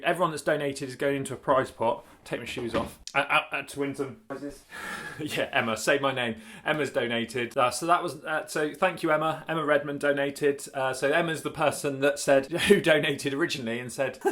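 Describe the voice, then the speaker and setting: A man's voice: medium pitch, a bit bright. A man vlogging in casual chat, rambling, laughing often and correcting himself as he goes. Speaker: cycling vlogger.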